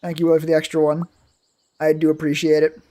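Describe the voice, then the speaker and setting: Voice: medium pitch, monotone, fast talker, warm tone. A game streamer chatting casually with viewers while playing, rambling and swearing freely. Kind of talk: casual live-stream chat while gaming.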